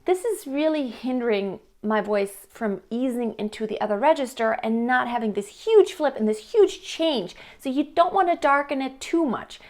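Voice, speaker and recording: Young woman singing teacher, high voice, talks you through it then sings little bits to show. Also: expressive, normal speed, hardly any pauses. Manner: explains plainly, breaks into sung demonstrations. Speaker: vocal coach. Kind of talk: singing lesson.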